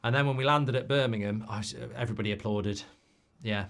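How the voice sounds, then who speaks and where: A man hosting a live football watchalong, chatting with viewers in a sweary, cynical, rambling and animated way, from England. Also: on the low side, fast talker. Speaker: watchalong host.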